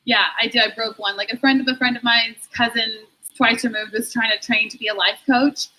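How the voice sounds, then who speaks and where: A woman's voice: a little high, fairly even intonation, fairly quick, bright, forceful tone, poor audio. A woman performing a stand-up comedy set, self-deprecating and laughing through her own jokes.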